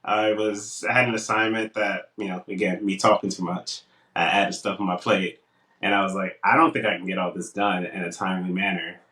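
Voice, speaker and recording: A man's voice: deep voice, brisk, echoey room, recorded from a distance, poor audio. A young man co-hosting a casual podcast, telling stories and acting out what people said to him. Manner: animated storytelling, acts out quotes. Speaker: podcast co-host.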